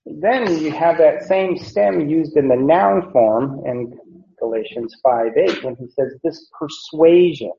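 A man teaching a Bible passage as a pastor, slow and deliberate, with many pauses and fillers. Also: fairly high pitch, vocal fry, warm tone, a little hiss or hum. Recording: echoey room, dull lo-fi sound.

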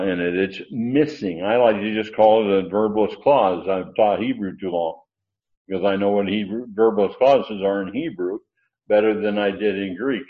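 A man teaching Bible grammar in a lecture, rambling with fillers and restarts, then pressing hard on his key points. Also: on the low side. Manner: digressive, with many fillers and restarts. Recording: dull, lo-fi sound.

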